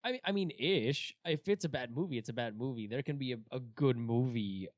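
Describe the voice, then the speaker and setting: A young man in casual podcast talk, with an average pitch and a dry, close sound with no room in it. He is easygoing and agreeable. He turns playful when he retells a scene. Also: brisk, dry recording, muffled recording. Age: young adult. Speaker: podcast co-host. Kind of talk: casual chat.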